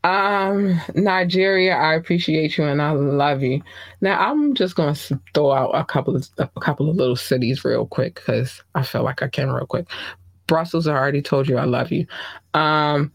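Woman, podcast host, casual solo chat, effusive, swooping pitch, dry close sound. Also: normal speed, no echo. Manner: effusive, shouting out listeners by country; swoops up high when excited.

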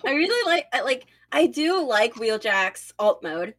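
A woman's voice: a little high, sing-song, a little slow, fairly bright tone, slight background noise. A young woman co-hosting a podcast, chatting playfully about films with dramatic, swearing outbursts. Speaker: podcast co-host. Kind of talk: casual fan chat.

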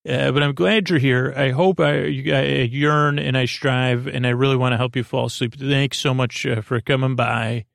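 Sleep-podcast host, male, rambling and halting; gravelly voice, average pitch. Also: fairly even intonation, fairly bright tone, no echo, studio quality. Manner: meandering, halting, full of uh and restarts; slow dreamy talk addressing the moon.

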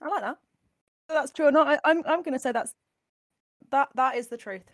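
A woman's voice: high-pitched, a little fast, dry recording. A woman hosting an improv podcast, reading her intro and questions from a script in a dry, matter-of-fact way. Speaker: podcast host.

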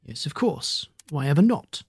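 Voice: mid-range voice, big pitch swings, moderate pace, gravelly, breathy edge, no echo, clean studio sound, exaggerated voice. A reader voicing a stern father who speaks curtly and firmly. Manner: curt and firm.

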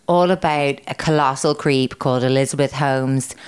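A woman's voice: very deep voice, fairly even intonation, moderate pace, clean tone. A woman co-hosting a podcast, chatting casually, laughing often and swearing freely. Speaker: podcast co-host. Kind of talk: casual chat.

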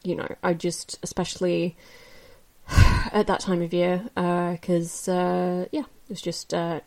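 A woman casually reviewing films she watched, candid and chatty, with many fillers and restarts, jumping up in pitch when she gets opinionated. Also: little pitch movement, measured pace, creaky, darkish tone. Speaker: film reviewer. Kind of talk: casual spoken film review.

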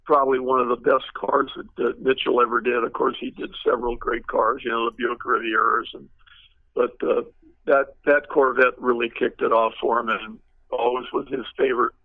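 A man's voice: medium pitch, level tone, moderate pace, dry recording. An older man, a retired car designer, telling stories in a rambling way with many fillers and restarts. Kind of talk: anecdotal storytelling. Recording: tinny phone-like line, dry.

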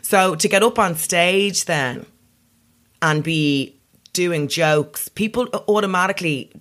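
Slow and fairly low-pitched, with a slightly bright edge, this young comedian from Ireland talks in a posh South Dublin accent. It's relaxed podcast chatter full of laughter, gabbing and poking fun at herself.

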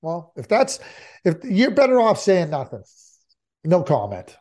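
A man's voice: sits high, huge pitch swings, a little slow, a little mellow. A man giving his take on hockey in casual talk, emphatic and repetitive, often restarting his sentences. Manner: emphatic, repeats points, stammering restarts. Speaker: hockey analyst.

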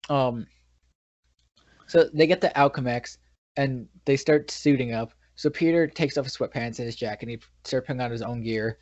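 A man's voice: medium pitch, moderate pace, darkish tone, no echo. Rambling man from New York, dry sound. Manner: rambling retelling with many restarts. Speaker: podcast co-host. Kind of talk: casual movie recap chat. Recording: dull, dry lo-fi recording.

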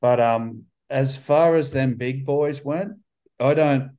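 A man's voice: medium pitch, slow, dark tone. A man in a casual interview over a video call, rambling and swearing often, with many restarts. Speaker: band member guest.

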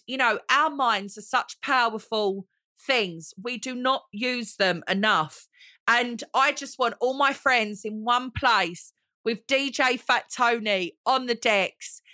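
A woman talks straight into a close mic, gushing and theatrical as she hosts her solo podcast. Her voice is bright and forceful, and the recording is dry. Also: on the high side, no echo. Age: 40s. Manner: gushing, theatrical, calls listeners honey. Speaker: podcast host. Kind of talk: chatty solo podcast monologue.

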